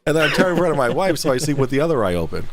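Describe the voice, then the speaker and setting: A man's voice: fairly high pitch, very animated, very fast. A man hosting a casual livestream talk show, joking, swearing and laughing a lot.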